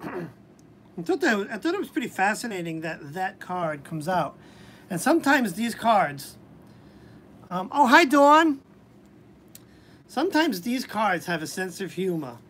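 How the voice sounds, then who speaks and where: A woman's voice: mid-range voice, big pitch swings, unhurried, pauses often, husky. A woman giving a casual live-stream tarot reading, chatty and hesitant, with frequent restarts. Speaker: tarot reader. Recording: faint background noise.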